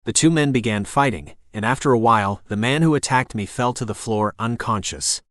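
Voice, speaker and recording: A man reads a first-person novel aloud as an audiobook narrator, keeping a steady, even storytelling delivery. His voice sits at a middle pitch and is recorded close and dry, with no room sound around it. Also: fairly quick, no echo.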